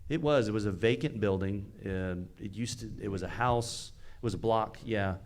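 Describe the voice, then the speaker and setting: On location at a fire expo, a male battalion chief recounts a rescue for a podcast in a casual, earnest way. He speaks emphatically in a lowish voice at moderate speed, frequently tripping over and repeating words.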